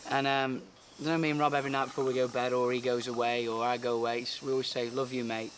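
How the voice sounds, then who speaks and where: A man's voice: medium pitch, level tone, rapid-fire, a bit bright, a little hiss or hum. A young man chatting backstage, earnest and talkative, acting out quotes as he tells stories about his best friend. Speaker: best friend and tour companion. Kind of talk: casual backstage chat. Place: backstage room.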